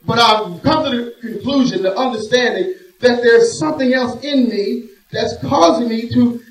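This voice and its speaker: A man with a notably high voice preaches in a church, dropping to a hush and then rising to loud, slowly stretched emphasis. He sounds set back from the mic, and his voice rings off the room. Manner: dramatic preaching, swinging between hushed and loud, slow drawn-out emphasis. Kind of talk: sermon. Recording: echoey room, voice from a distance.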